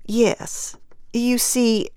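A woman reading aloud, voicing a gentle, sympathetic elderly woman who speaks softly and kindly. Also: on the high side, little pitch movement, drawn-out words, clean tone, no room sound, studio quality, pitched above the performer's own voice. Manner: soft, kindly, calls others dearie. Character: kindly gray-haired older woman, calm and sympathetic.

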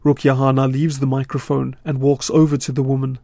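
A man reporting a radio news feature in a measured, scripted voice-over from a studio. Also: medium pitch, no echo. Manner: measured, steady delivery.

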